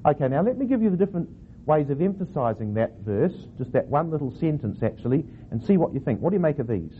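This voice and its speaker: A man with a slightly raised voice teaches a class how to read a Bible verse. He reads each line slowly, tries out different stresses and quizzes his listeners. The recording sounds thin and phone-like, with a faint hiss behind it. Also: on the high side, sing-song. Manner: reads verses aloud slowly, then asks the class questions. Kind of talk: teaching scripture reading with varied emphasis.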